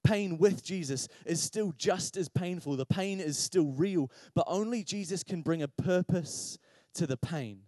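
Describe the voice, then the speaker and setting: A man delivers a sermon in a fairly high voice, recorded dry and close with little room sound. He talks in a personal, confessional way and builds toward passionate pleading. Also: unhurried, dark tone, dry recording. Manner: passionate, rising to impassioned pleading; personal and confessional, addresses listeners directly. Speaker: pastor.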